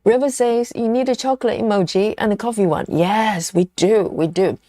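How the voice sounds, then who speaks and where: A woman's voice: medium pitch, normal speed, dark tone, no room sound, studio quality. A woman hosting a casual live stream, chatting and reading viewer comments aloud as she goes.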